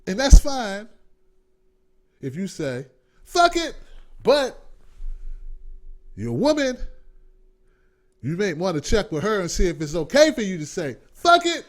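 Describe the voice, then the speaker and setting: A man in his forties hosting a comedic talk show, talking in an animated, profane way and acting out voices. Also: high voice, measured pace, long pauses. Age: 40s. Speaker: host.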